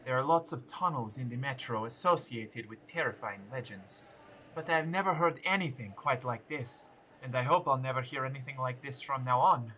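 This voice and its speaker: A hushed, dramatic diary reader in a posh accent, as a streamer puts it on. He reads slowly and softly, and his tone is bright and forward. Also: mid-range voice, natural voice, rough recording. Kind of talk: reading in-game notes aloud in a put-on posh accent.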